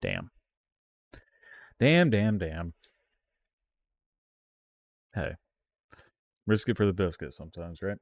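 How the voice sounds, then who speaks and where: A lower-pitched man talks through his card game at an unhurried pace, recorded dry and close. He reacts out loud to every play, yelping and groaning as he addresses his chat. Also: big pitch swings, vocal fry, no room sound. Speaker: streamer playing an online card game. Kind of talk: live gameplay commentary.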